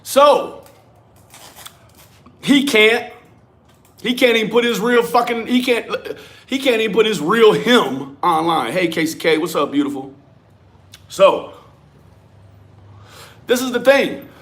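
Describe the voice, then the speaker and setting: A young man rants through a livestream, his voice sitting a little high for a man. He is confrontational and profane, snapping at commenters by name between his points. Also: expressive, takes it slowly, long pauses, a bit bright. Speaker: livestream host.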